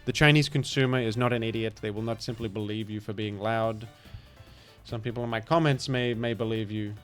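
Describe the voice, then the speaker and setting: A man's voice: fairly low pitch, fairly even intonation, fairly quick, soft background music. A man with a British accent commenting live on a game he is playing, rambling in a playful, mock-grandiose way. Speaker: streamer.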